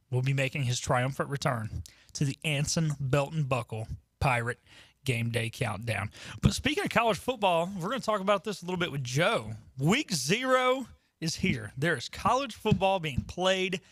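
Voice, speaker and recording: A man's voice: medium pitch, lively intonation, moderate pace, a bit bright, slightly rough, dry recording, studio quality. Chatty young male sports radio host. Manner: chatty, with frequent ums and uhs. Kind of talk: casual sports talk radio.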